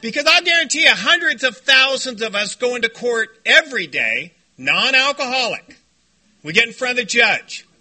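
A man speaking to a recovery meeting, telling stories in an animated, joking way and shouting when he acts out what others said. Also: extremely high pitch, moderate pace. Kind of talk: storytelling talk to a meeting. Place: meeting room before a group.

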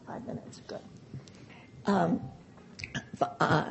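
Older woman giving a halting personal testimony. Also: mid-range voice, gravelly, darkish tone, dull audio, a little hiss or hum. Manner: halting and emotional, with pauses and restarts. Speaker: speaker sharing a recovery story.

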